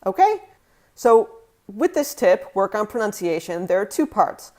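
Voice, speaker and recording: A woman's voice: mid-range voice, sing-song, measured pace, a little mellow. American woman teaching French pronunciation. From United States. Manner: clear and emphatic, demonstrating French words. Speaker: language vlogger. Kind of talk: scripted teaching vlog.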